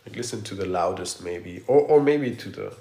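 Middle-aged male architect guest, lowish voice, excitable rambling, echoey room. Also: moderate pace. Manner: animated, rambling with frequent restarts. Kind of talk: casual conversational interview. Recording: roomy echo.

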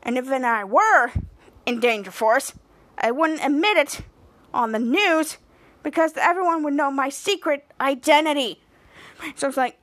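Lady podcaster rambling thru a show recap, high voice, dry close sound. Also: a little slow, a bit bright, no room sound. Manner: rambling, acts out the scenes. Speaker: podcast host. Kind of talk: casual episode recap.

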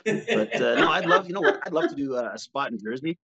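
A man's voice: medium pitch, big pitch swings, fast talker, creaky, bright, forceful tone, husky. A man who is a comedian, chatting playfully as a podcast guest. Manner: playful, laughs while talking. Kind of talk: casual podcast chat.

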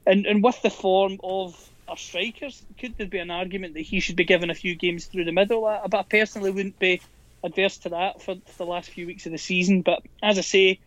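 A man with a high voice co-hosts a football podcast. He gives candid, measured analysis with frequent restarts, and his mic volume drifts up and down. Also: fairly even intonation, fairly bright tone, dry recording, highs cut off. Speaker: podcast co-host. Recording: volume going up and down.

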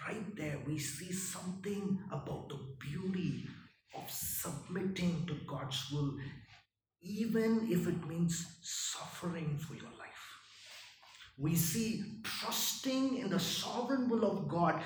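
Impassioned high-voiced preacher, echoey hall. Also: male voice, slow, recorded from a distance, a little hiss or hum. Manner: swings from loud impassioned rises to hushed near-whispers; peppers points with "right?" and "my friend". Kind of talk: sermon.

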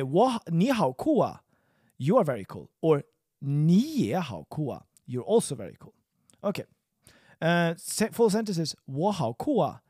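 A man's voice: on the high side, a little mellow, no echo, clean studio sound. A man teaching a language lesson in a casual, upbeat way with chatty joking asides.

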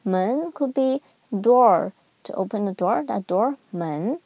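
A woman teaching a Mandarin lesson, with a voice pitched a little high. She speaks very slowly and patiently, drawing out each syllable and swinging her pitch wide to show the tones. The sound is dry and close. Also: a little mellow, dry recording. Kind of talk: scripted language lesson.

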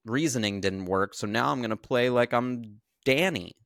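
A podcast co-host with a mid-range voice and some vocal fry retells a horror film scene by scene at a moderate pace, animatedly acting out the characters' lines. The chat is casual, and the studio-quality audio is dry with no room sound.

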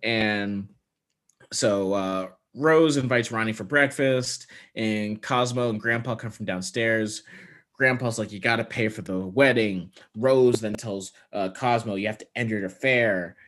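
A man co-hosting a movie podcast, summarizing the plot casually with sarcastic asides and quick quoted lines. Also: lowish voice, a bit bright. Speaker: podcast co-host. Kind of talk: casual chat recapping a movie.

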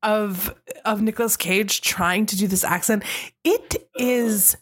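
A woman's voice: medium pitch, slow pace, breathy edge. A woman co-hosting a movie podcast, reading a playful plot recap and chatting casually. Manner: playful, animated storytelling with frequent "like". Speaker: podcast co-host. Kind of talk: casual movie-recap chat with read-out summary.

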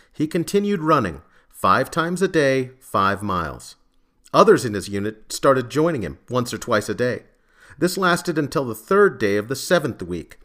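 A man narrating a thriller audiobook in a measured, steady storytelling manner. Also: mid-range voice.

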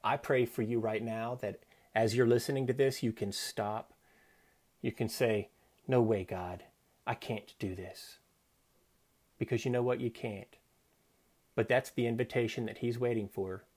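Male speaker, earnest devotional talk, reflective delivery with soft quoted lines. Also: medium pitch, steady tone, normal speed. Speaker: Christian speaker.

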